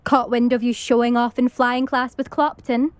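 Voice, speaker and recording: A woman's voice: a little high, flat delivery, moderate pace, no room sound, close to an everyday voice. An actress playing a brash young female Quidditch captain who taunts her rival in a video game. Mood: taunting. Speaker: student rival.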